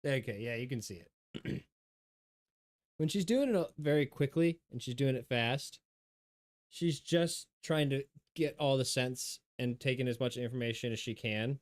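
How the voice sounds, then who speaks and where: A man chatting casually on a stream about his pet reptiles, explaining their behavior and coaxing them in a high, playful voice. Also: expressive, normal speed. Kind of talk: casual chat with pets on stream.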